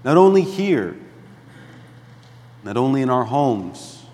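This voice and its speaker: Slow-preaching priest in a reverberant church. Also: male voice, mid-range voice, sing-song. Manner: slow, deliberate preaching with emphatic rises and hushed drops. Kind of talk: sermon.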